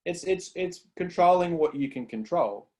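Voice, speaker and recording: A man co-hosting a casual podcast, explaining ideas in an earnest, measured way. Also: high voice, animated, a little mellow. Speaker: co-host.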